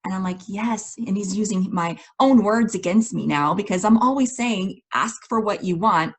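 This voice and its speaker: A woman coach telling a personal story in an enthusiastic, expressive way, laughing often and acting out her past conversations. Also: medium pitch, moderate pace, breathy edge. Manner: acts out her own past dialogue. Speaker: life coach.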